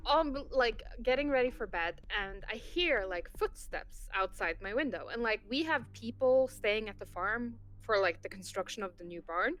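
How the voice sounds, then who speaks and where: Chatty woman with a slightly high voice, loose casual storytelling. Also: lively intonation, normal speed, few pauses, fairly bright tone. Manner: chatty, many filler "like"s. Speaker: tabletop game player. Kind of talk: casual chat, telling an anecdote.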